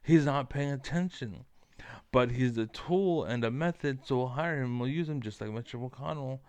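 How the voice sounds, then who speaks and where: A man rants straight to camera, combative and profane, looping back on himself with lots of fillers. His voice is smooth and clear at a middling pitch. The sound is close and dry, with no room echo. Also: normal speed, darkish tone. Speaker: online commentator. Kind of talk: ranting monologue to camera.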